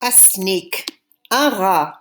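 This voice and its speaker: A woman teaching French vocabulary, saying each word clearly and repeating it for students to copy. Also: medium pitch, animated, fairly bright tone, slight background noise. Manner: slow, deliberate, repeating words for students. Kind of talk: language lesson drills.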